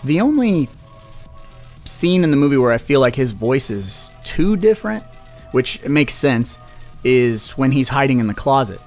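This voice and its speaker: A man's voice: medium pitch, big pitch swings, unhurried, darkish tone, soft background music. A man co-hosting a film podcast, giving blunt, offhand opinions in a casual chat. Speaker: podcast co-host.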